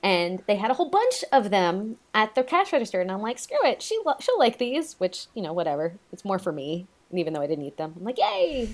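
A woman's voice: lowish voice, animated, fast, few pauses. A young woman co-hosting a casual podcast chat, bubbly and giggly. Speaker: podcast co-host.

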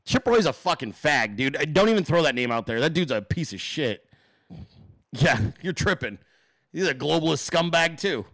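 A man with a high, bright, forceful voice rants on a political livestream. He is emphatic and profane, and he rambles as he talks straight to his viewers and chat. The recording is dry and close, with no room sound. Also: very animated, normal speed, no room sound. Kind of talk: casual profane political rant.

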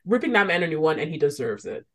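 Young woman co-host, casual podcast chat, candid, animated, slightly low voice. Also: fast. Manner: candid, animated, ranting with laughs.

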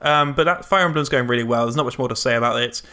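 Bright, eager man chatting on a podcast. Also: mid-range voice, smooth. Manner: eager, chatty, quick to laugh. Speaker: podcast co-host. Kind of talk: casual chat.

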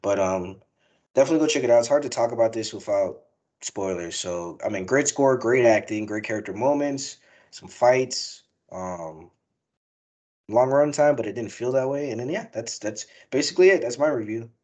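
A man's voice: mid-range voice, lively intonation, moderate pace, darkish tone. A young man hosting a casual movie review podcast, talking in a rambling, profane, emotional way. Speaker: podcast host.

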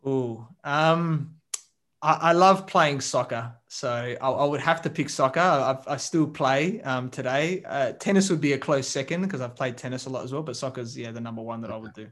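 A man in a casual interview, answering with many pauses and restarts. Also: mid-range voice, fairly bright tone. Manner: hesitant, many ums and restarts. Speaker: guest, coach and mentor.

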